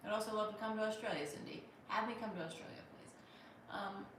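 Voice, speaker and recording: A woman's voice: medium pitch, fast talker, far from the mic. A chatty woman comedian hosts a casual livestream, rambling between viewer comments. Her voice sits back from the mic in a very echoey room. A faint hum runs underneath. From Pittsburgh. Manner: chatty and rambling, with many restarts. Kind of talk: casual live chat, reading viewer comments aloud.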